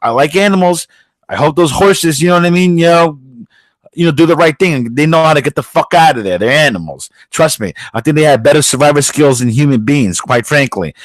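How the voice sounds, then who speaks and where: Loud sweary guy ranting on his podcast, voice sits a bit high, dry close mic. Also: lively intonation, fairly quick, dry recording, poor audio. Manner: aggressive, swearing, mocking voices. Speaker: podcast host. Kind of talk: profane ranting commentary.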